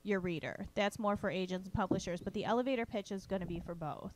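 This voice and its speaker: A woman's voice: medium pitch, fast, darkish tone, slight background noise. A woman co-hosting a casual writing podcast, explaining things at length with thoughtful fillers. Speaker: podcast co-host. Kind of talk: casual chat about writing.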